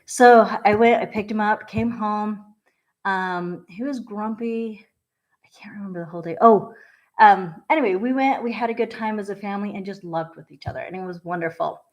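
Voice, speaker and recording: A woman vlogger talking casually and candidly, rambling with fillers and soft laughs. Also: mid-range voice, normal speed. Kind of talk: candid casual vlog talk.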